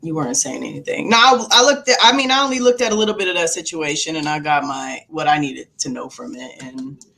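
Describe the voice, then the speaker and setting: A woman in a casual chat, listening and answering in a measured, reserved way. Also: deep voice, animated, a bit bright, slight background noise.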